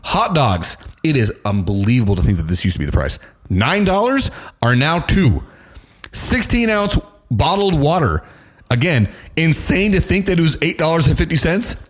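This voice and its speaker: A man co-hosting a casual sports show, animated as he reads out prices and tweets. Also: on the high side, moderate pace. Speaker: sports podcast co-host.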